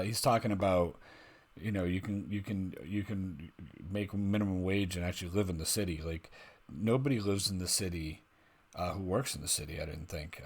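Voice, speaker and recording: A man hosting a reaction video, giving blunt, rambling opinions and swearing freely. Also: on the low side. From United States. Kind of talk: casual opinionated reaction commentary.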